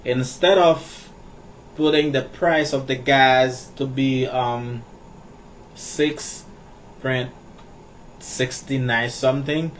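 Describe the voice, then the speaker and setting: A man teaching English in a casual, halting way, with many fillers and repeated words. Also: mid-range voice. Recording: distant mic with faint background noise.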